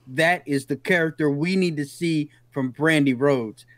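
A man's voice: a little high, unhurried, a bit bright, dry recording. An enthusiastic man co-hosting a casual chat, with a slightly raised voice. He agrees emphatically and drives his points hard. The recording is dry and close. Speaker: podcast co-host.

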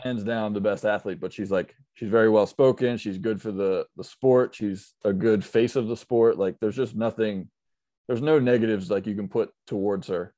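Casting note: laid-back male co-host, slightly low voice, dry close mic. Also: steady tone, moderate pace, warm tone, dry recording. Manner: easygoing, agreeable, self-deprecating. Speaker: podcast co-host. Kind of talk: casual chat.

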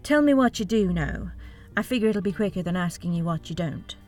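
A woman's voice: lowish voice, expressive, brisk, darkish tone, faint music behind, lightly acted. A woman voicing an elegant, condescending magical guardian in an audiobook. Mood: haughty. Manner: patient yet condescending.

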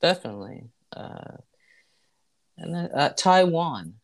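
A man co-hosting a podcast, reading out shout-outs with mock formality and playful teasing. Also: fairly high pitch, very animated, slow pace. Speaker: podcast co-host. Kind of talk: casual comedic banter.

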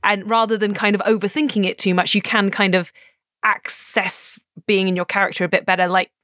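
A woman's voice: mid-range voice, little pitch movement, a little fast, a bit bright, no room sound. Woman explaining, dry close sound. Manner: explanatory, lays out her point. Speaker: podcast guest, tabletop player. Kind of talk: casual group discussion.

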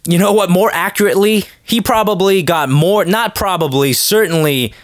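A man with a slightly high voice holds forth on his podcast in a loose, rambling, joking monologue. He slips into short acted-out quotes along the way. The sound is dry and close, with no room around it. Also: moderate pace, no room sound. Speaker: podcast host. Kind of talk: casual comedic monologue.

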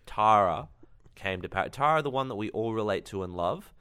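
A man co-hosting a casual podcast recap, agreeable and quick to affirm. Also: on the low side, lively intonation, clean tone. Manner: agreeable, warm affirmations, restarts mid-sentence. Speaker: podcast co-host.

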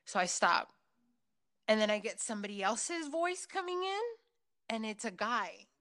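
A woman telling personal stories in a loose, casual chat, swearing freely and filling pauses with ums and likes. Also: on the high side, big pitch swings, pushed and bright. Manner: filler-heavy, with frequent ums and likes.

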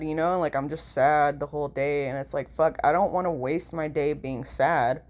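A woman's voice: low-pitched, normal speed, hardly any pauses, darkish tone. Woman vlogging, nasal voice, sleep-deprived and tired, rambling, swears a lot. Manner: rambling, peppered with "like" and "you know", swears freely. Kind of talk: casual vlog monologue.

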